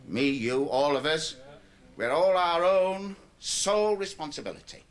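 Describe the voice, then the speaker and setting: A man's voice: fairly high pitch, lively intonation, measured pace. An actor playing a cynical, middle-aged male stand-up comedian who talks in a chatty, lecturing way in a radio play. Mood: stand-up patter. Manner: chatty, lecturing, shifts into a club comedy routine. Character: aging male stand-up comic, cynical and wheedling.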